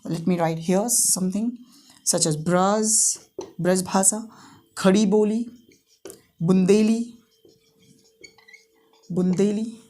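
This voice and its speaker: A woman's voice: mid-range voice, a little mellow. A woman teaching a language lesson, repeating words and often checking in with "right?". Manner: repetitive, checks understanding with "right?". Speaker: English teacher.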